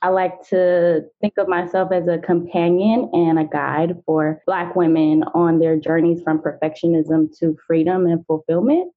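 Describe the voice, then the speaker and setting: Thoughtful woman coach on a tinny line. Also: lowish voice. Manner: thoughtful, measured, laughs easily. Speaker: guest, emotional wellness coach. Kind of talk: podcast interview conversation. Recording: phone-like lo-fi sound.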